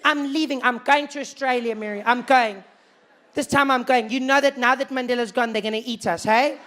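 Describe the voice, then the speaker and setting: A man's voice: extremely high pitch, steady tone, fairly quick, a bit bright, pitched above the performer's own voice. A man voicing a fretful middle-aged person who keeps threatening to move abroad, whiny and melodramatic.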